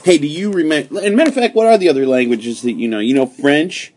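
A man's voice: a little high, fast talker, darkish tone, slight background noise. A man hosting a casual home podcast, patiently and cheerfully teaching a child new words.

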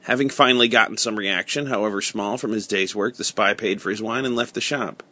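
A man reading a novel aloud in a steady, plain storytelling way. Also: on the low side, fairly quick. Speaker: narrator.

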